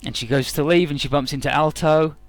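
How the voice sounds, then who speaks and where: A man's voice: brisk, no room sound, soft background music. A man doing comedic game commentary, summarizing the story in a sarcastic, crude way. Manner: jokey, mocking, squeaky falsetto for characters. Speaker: let's play commentator. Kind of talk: comedic retelling of game dialogue with put-on voices.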